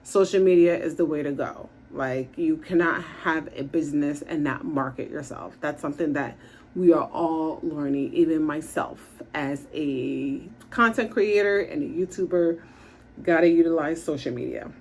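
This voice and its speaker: A woman's voice: deep voice, a little hiss or hum. A woman recapping a TV episode from her office in a chatty, casual way, acting out the characters' lines. She is recording without her usual equipment. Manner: chatty, acts out characters' lines in quick voices. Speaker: TV show reviewer and therapist. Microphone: makeshift setup without her usual gear.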